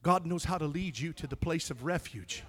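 A male pastor preaching a sermon, telling stories and swinging from hushed tones to loud, shouting climaxes. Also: a little high, normal speed. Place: church sanctuary.

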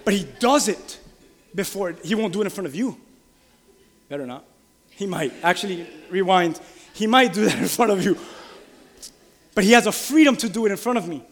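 A man preaching a sermon with passion, asking his congregation direct questions and building to loud, emphatic peaks. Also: sits high, lively intonation, normal speed, pauses often, big-room sound. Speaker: pastor.

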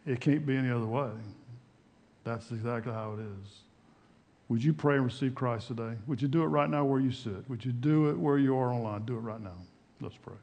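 A male pastor preaching in a church sanctuary. His delivery swings from raised, loud emphasis down to soft, low passages, with emphatic repetition and rhetorical questions. His pitch sits in an ordinary middle range for a man. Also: brisk. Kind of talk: sermon.

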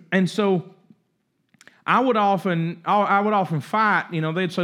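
This middle-aged pastor delivers his sermon unhurriedly, his high-pitched voice broken by frequent pauses. His storytelling is animated, and he often starts sentences over.

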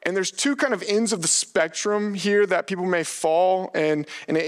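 Animated male preacher, slightly high voice. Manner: animated, acts out the dialogue of the biblical characters. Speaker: pastor. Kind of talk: sermon.

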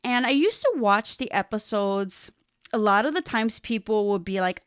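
A woman's voice: a little high, animated, moderate pace, clear, resonant tone, no room sound, studio quality. A young adult woman telling a candid personal story, laughing often and quoting herself.

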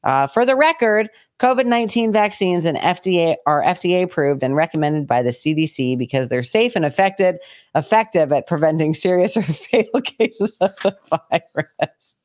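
A man's voice: a little high, expressive, fairly quick, dry recording, clean studio sound. A man co-hosting a podcast, reading a news article aloud and breaking off for sarcastic, profane asides. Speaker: podcast co-host.

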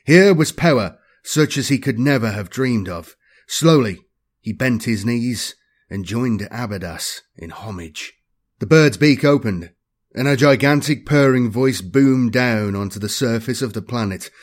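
Man reading dark sci-fi narration. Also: mid-range voice, animated, unhurried. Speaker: audiobook narrator. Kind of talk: scripted narration.

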